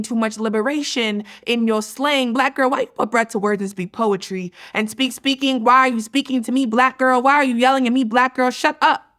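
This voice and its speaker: A woman's voice: fairly high pitch, a bit bright. A woman performing spoken word poetry with a rhythmic, emphatic delivery.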